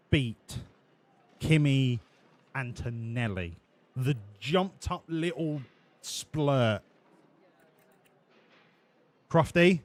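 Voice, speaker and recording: A man streaming a racing game live. He talks to his chat with excitable, profane banter. His voice sits at an ordinary middle pitch.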